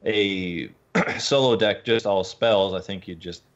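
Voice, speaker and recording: A man's voice: low voice, takes it slowly, lo-fi sound. A man co-hosting a casual podcast chat, loose and profane and full of "like".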